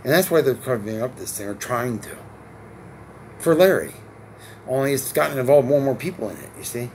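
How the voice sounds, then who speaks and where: A man's voice: medium pitch, lively intonation, fairly quick, slight background noise. A man in his forties from Connecticut, talking alone to camera in a long rambling monologue, swearing, repeating himself and asking rhetorical questions. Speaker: vlogger.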